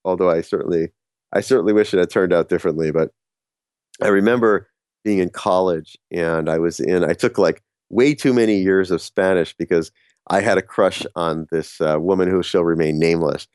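Middle-aged man, deep voice, relaxed self-deprecating storyteller who stumbles and restarts; dry, close recording. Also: dry recording. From New Jersey. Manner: halting, many restarts, laughs at himself. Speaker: speaker on courage. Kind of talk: casual storytelling monologue.

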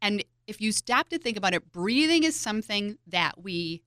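A woman co-hosts a podcast with a bright, lively voice that moves up and down a lot. She talks through her ideas in a reflective, friendly way. The recording is dry and close. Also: medium pitch, normal speed, no room sound. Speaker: podcast co-host. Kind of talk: casual chat.

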